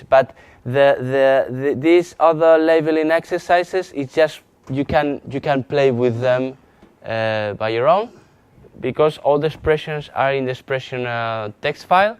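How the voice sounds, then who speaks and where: A man with a Spanish accent teaching a live software training lesson, halting often with restarts and fillers as he demonstrates on screen. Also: mid-range voice, smooth, no echo. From Spain. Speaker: GIS instructor.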